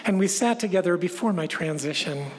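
A woman's voice: on the low side, expressive, a little mellow. Woman preaching in a reverberant hall. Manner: reflective and measured, repeating phrases. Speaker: pastor. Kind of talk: sermon. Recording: long reverb, faint background noise.

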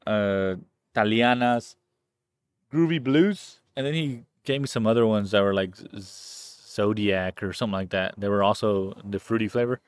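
A man's voice: lowish voice, normal speed, clean tone, dry recording. Laid-back man telling a story, dry close mic. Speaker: podcast co-host. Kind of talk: casual chat.

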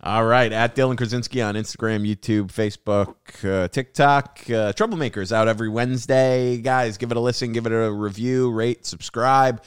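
A man's voice: medium pitch, steady tone, moderate pace, few pauses, clear, resonant tone, dry recording, clean studio sound. A man hosting a podcast, joking and swearing in loose casual banter. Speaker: podcast host.

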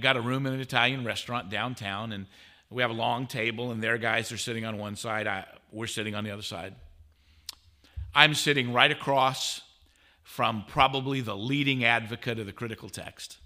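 A man speaking as a guest at a conference, telling a story in an animated way. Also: mid-range voice. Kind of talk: conference talk. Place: conference stage.

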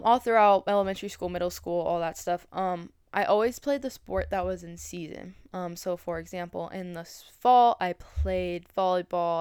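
A woman's voice: lowish voice, clean tone, dry recording, studio quality. A woman in her twenties hosting a solo podcast, talking casually and rambling with many fillers and restarts. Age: 20s. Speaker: podcast host.

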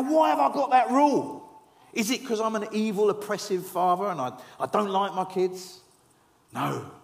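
A man in his forties delivers a sermon in a fairly high voice. He mixes humorous storytelling with soft, earnest passages. The sound rings out in an echoey hall. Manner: storytelling with humour, dropping to soft earnest tones. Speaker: preacher.

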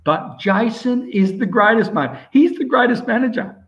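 A man's voice: extremely high pitch, animated, normal speed. Man, Australian accent, enthusiastic, rambling, casual interview, dull lo-fi sound. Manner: enthusiastic, rambling, says "mate" constantly. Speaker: swimmer, interview guest.

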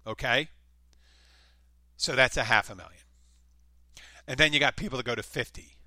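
Rambling man with a very bright voice. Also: medium pitch, normal speed, no room sound. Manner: rambling, self-correcting, restarts his thoughts. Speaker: podcast host. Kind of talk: casual monologue.

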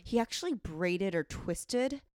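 A woman who works as a dog groomer, chatting casually as a podcast co-host, animated and full of fillers. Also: medium pitch, a little slow. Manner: chatty, animated, says like a lot. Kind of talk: casual chat.

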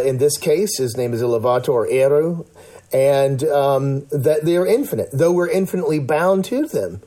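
A man's voice: a little high, warm tone. A man in casual discussion, talking earnestly in a rambling way with many restarts and fillers.

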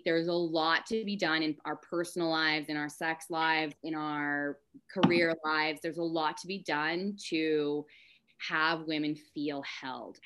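A woman speaking as a podcast guest, frank and impassioned, talking in rushes and drifting into tangents. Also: low voice, bright, forceful tone, clean tone. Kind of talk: candid podcast conversation.

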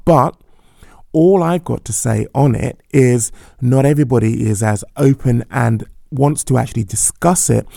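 A man with a warm, gravelly voice speaks calmly and carefully. He hedges his views and stops to correct himself, recorded dry and close. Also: medium pitch, no echo. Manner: thoughtful, hedging, corrects himself. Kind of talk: measured opinion commentary.

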